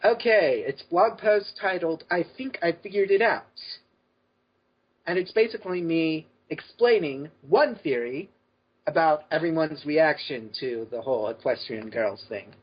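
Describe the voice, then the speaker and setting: A man with a husky, slightly high voice swings his pitch widely as he chats playfully on a podcast. The line is dull and lo-fi. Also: expressive, unhurried. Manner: playful, goes off on tangents. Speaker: podcast guest, fan fiction author. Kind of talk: casual podcast chat. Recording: dull lo-fi audio.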